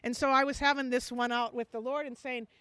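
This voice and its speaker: High-voiced woman giving a lively testimony. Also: brisk, smooth, no room sound. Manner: animated storytelling, acting out dialogue. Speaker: missions ministry leader. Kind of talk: personal testimony.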